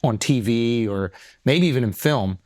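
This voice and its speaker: A man's voice: medium pitch, animated, a loud crowd. A man hosting a casual podcast chat. He circles around his point and breaks off to restart often. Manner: halting, many fillers and restarts. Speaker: podcast host.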